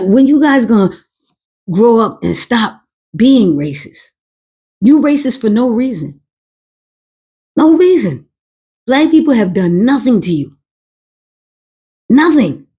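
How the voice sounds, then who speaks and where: A woman's voice: medium pitch, warm tone, slightly rough. A woman hosting a podcast, giving blunt, emphatic commentary in a casual way. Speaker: podcast host.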